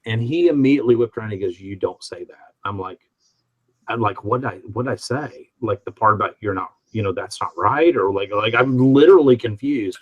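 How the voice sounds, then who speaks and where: A man's voice: on the low side, fairly quick, highs cut off. Rambling man from the Midwest, hosting. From Midwest of the United States. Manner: rambling storyteller with frequent restarts. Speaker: host reading live chat. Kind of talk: casual live-stream chat.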